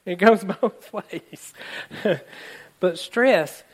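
A man's voice: high voice, very slow, husky. A male pastor preaching a sermon, telling a story and acting out the characters' lines while speaking to his congregation. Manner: animated, acts out characters' lines, addresses congregation.

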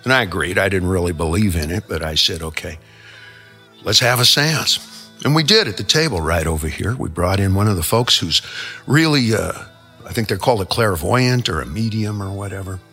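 A man's voice: sits low, expressive, a little fast, a bit bright, faint music behind. A male show host telling rambling comic stories in a brash, profane way. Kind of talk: comic storytelling monologue.

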